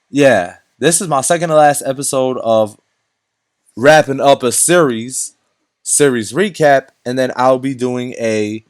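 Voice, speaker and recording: A man's voice: mid-range voice, clean tone, no room sound, clean studio sound. Rambling young man talking basketball. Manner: rambling with frequent restarts and slang. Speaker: basketball vlogger. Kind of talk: unscripted casual commentary.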